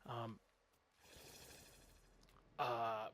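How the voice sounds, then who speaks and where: A man's voice: medium pitch, monotone, very slow, fairly bright tone. Rambling, exasperated man reviewing a film. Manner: rambling, exasperated, swears freely. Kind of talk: casual spoken movie review.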